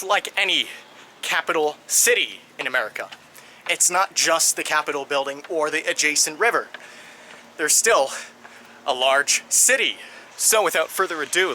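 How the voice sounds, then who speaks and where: Male travel vlogger, keen tour-guide delivery, higher pitch, crisp, a faint hum behind. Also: sharp tone. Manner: enthusiastic, guide-like explaining. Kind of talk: travel vlog narration.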